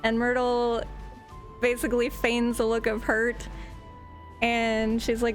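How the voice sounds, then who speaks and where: A woman's voice: on the high side, completely flat delivery, takes it slowly, long pauses, soft background music. A woman narrating a tabletop game as game master in a casual, rambling way, sometimes searching for words.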